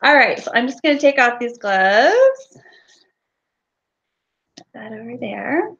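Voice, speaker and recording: A woman hosts a casual craft livestream as a soap maker, mixing live chat with a demo. Her voice sits on the high side, slow and gravelly with a bit of brightness and big pitch swings. She's chatty and giggly, telling stories loosely, all captured in dull lo-fi livestream audio.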